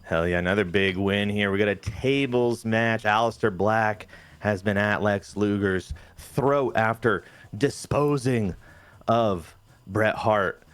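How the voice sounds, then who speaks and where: A man co-hosting a casual chat, relaxed and reacting with short remarks. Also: fairly low pitch, slow, smooth, no room sound. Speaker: game show co-host.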